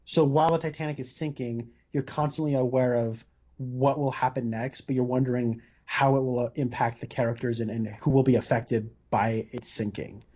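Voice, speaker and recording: A man's voice: medium pitch, fairly even intonation, normal speed, warm tone. A man hosting a podcast, talking about films in a rambling, casual way with many fillers and restarts. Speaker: podcast host. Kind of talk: casual film discussion. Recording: dull lo-fi podcast audio.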